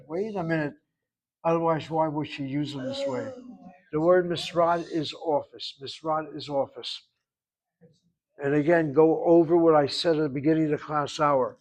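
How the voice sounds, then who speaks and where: Higher-voiced male teacher explaining grammar. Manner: explanatory, digressive, drills pronunciation. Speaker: Hebrew teacher. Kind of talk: classroom grammar lesson.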